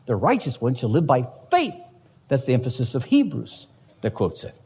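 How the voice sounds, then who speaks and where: A man's voice: mid-range voice, wildly swooping pitch, normal speed, mellow, husky, long reverb tail. A man preaching a sermon as pastor, emphatic, with rhetorical questions to the congregation.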